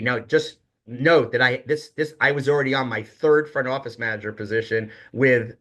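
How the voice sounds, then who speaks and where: Bright-voiced man telling hotel stories. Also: mid-range voice, normal speed, few pauses, highs cut off. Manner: animated storyteller, quotes others with emphasis. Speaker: guest, hotel executive. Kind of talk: casual interview storytelling.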